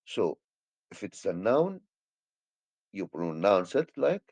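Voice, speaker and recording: A man's voice: low voice, sing-song, slow, a little mellow, husky, no room sound. A male English teacher with an Egyptian accent, a native Arabic speaker, explaining grammar hesitantly with many fillers and restarts.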